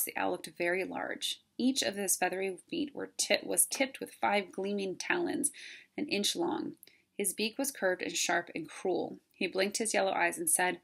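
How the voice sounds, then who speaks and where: Gravelly-voiced woman reading aloud. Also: mid-range voice. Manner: plain, steady reading with some self-corrections. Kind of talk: reading a chapter book aloud.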